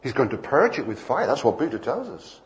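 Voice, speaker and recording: A man's voice: medium pitch, sing-song, brisk. An older man preaching a sermon, telling playful anecdotes and acting out bits of dialogue.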